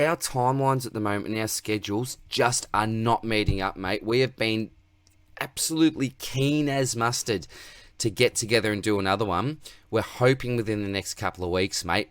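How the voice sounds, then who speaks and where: In a smooth, mid-range voice, an Australian-accented man runs a casual livestream Q&A, reading viewer questions aloud and answering laid-back while saying mate constantly. The recording is dry.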